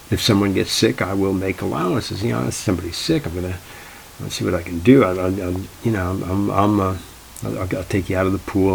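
A man's voice: lowish voice, creaky, a little mellow, husky, rough recording. A man, a tournament organizer, telling anecdotes in a wry, dry, exasperated way. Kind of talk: anecdotal storytelling.

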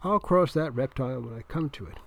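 A man voicing a quick-witted teenage girl who is a star debater and speaks fast and crisply. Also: mid-range voice. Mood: teasing. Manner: fast crisp recitation, sassy comebacks.

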